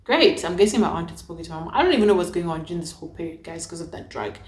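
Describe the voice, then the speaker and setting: A woman's voice: expressive, racing, a little mellow, slight background noise. Chatty young woman vlogger, echoey room. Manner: chatty, dramatic, acts out her own past lines with big pitch jumps. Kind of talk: casual storytelling to camera.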